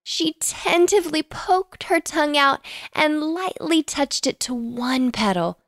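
A woman narrating a bedtime story in an animated, expressive way. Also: high voice, measured pace, no room sound, studio quality.

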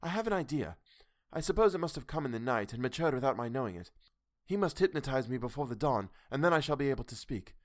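Man doing entranced young woman, soft dreamy faraway voice, raised pitch, hushed, dry audiobook reading. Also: lively intonation, fast talker, dry recording, lightly acted. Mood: urgent. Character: young woman in a hypnotic trance, urgent.

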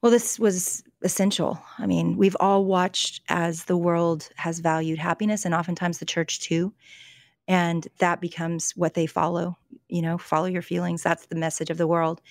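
Gravelly, earnest woman. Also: fairly low pitch, level tone, dry recording, studio quality. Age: middle-aged. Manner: earnest, storytelling, halting restarts. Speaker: author and guest. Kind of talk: conversational interview about faith and emotions.

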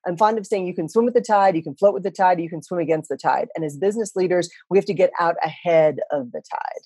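An American woman in her fifties explains business economics on a podcast with casual humor. Her voice sits a bit low, mellow and husky. The recording is close and dry. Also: fast talker, dry recording. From USA. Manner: chatty, joking, confident explainer. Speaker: guest, economist and speaker.

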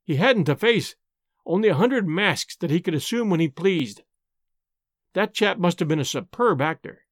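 Male audiobook narrator, dramatic storytelling, fairly high voice, very lively intonation, dry close sound. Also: moderate pace, dry recording.

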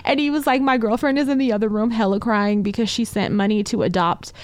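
A woman co-hosting a podcast in casual chat, animated and quick to laugh, swearing freely. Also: a little high, dry recording. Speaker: podcast co-host.

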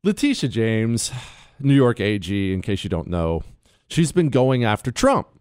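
Combative talk radio host with swinging pitch. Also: male voice, sing-song, a little slow, smooth, dry recording, studio quality. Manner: combative, emphatic, swings between loud outbursts and low asides. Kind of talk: opinionated talk radio monologue.

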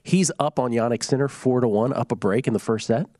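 A man hosting a sports betting show, telling jokes and stories in a casual, animated way. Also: medium pitch, fairly quick, dry recording, studio quality. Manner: joking, animated storytelling.

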